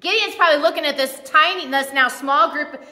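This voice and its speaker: A woman preacher giving a casual, animated sermon that retells scripture in a church. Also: high voice, brisk, roomy sound, long reverb tail.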